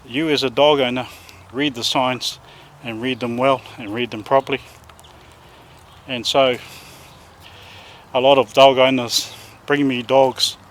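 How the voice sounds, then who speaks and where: A man with a New Zealand accent, a dog trainer chatting casually outdoors with his dogs and now and then calling loudly to one of them. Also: medium pitch, slight background noise. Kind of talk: casual outdoor vlog talk.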